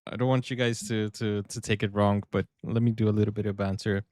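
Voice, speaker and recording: A man's voice: on the low side, fairly even intonation, brisk, a little mellow, no echo, studio quality. A man hosting a sports reaction video, joking around and laughing often in casual commentary. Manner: joking, laughs often, explains his banter.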